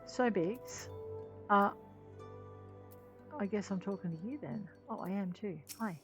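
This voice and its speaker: A woman's voice: medium pitch, a little slow, faint music behind, poor audio. A woman casually chatting while playing an online game, talking in a hesitant, chatty way. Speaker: game streamer. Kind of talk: casual gameplay commentary.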